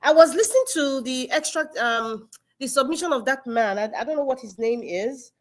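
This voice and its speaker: A Nigerian-accented woman hosting a live-stream talk, her voice sitting a little high as she speaks. She talks earnestly and grows emphatic and passionate as she makes her points. The sound comes from a remote call. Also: normal speed. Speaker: live-stream show host. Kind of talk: impassioned live-stream commentary.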